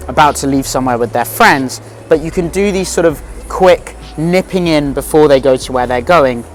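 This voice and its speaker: A man from London coaching viewers in a relaxed voice-over, explaining step by step. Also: a little high. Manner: relaxed, explanatory, slightly rambling. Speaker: dating coach. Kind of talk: instructional voice-over.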